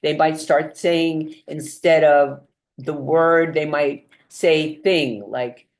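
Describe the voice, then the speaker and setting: A woman with a fairly low voice teaches caregivers, talking very slowly and deliberately. She fills pauses with frequent ums and walks through everyday examples step by step, in the manner of a practical training session. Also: fairly even intonation. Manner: unhurried, explains with many examples and frequent ums. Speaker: dementia care trainer for home health aides. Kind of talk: instructional training talk.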